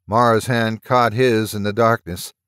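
Low-voiced male story narrator. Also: steady tone, a little slow, fairly bright tone, clear, resonant tone, dry recording, studio quality. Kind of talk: audiobook reading of a story.

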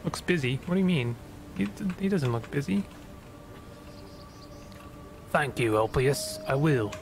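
A man's voice: mid-range voice, animated, measured pace. A man giving casual, joking let's-play commentary, reacting aloud as he plays. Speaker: gaming streamer. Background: game music.

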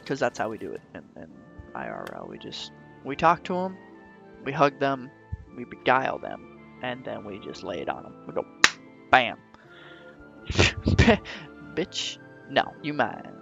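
A man's voice: mid-range voice, wildly swooping pitch, measured pace, creaky, pauses often, fairly bright tone, muffled recording, soft background music. Goofy guy rambling over his game on a desk mic, voice jumps all over the place. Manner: goofy, rambling, jokey asides. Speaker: let's play gamer. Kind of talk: casual gameplay commentary. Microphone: desktop microphone.

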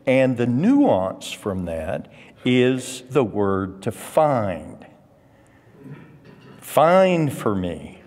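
A man's voice: medium pitch, a little mellow, long reverb tail. A man teaching an adult Sunday school Bible class, stressing key words by drawing them out. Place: church classroom or hall.

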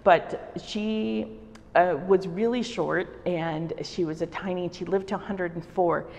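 This is a middle-aged wood-carving artist from El Salvador, telling stories from her life in a reflective interview inside an echoing art exhibition hall. She speaks at a measured pace in a low, steady, gravelly voice that's a little mellow.

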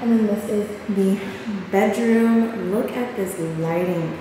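A young woman vlogging a tour of her new empty apartment, gushing and excitable, repeating her phrases, filmed on a handheld camera. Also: medium pitch, measured pace. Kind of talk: casual vlog tour. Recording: echoey empty rooms, air conditioner hum.

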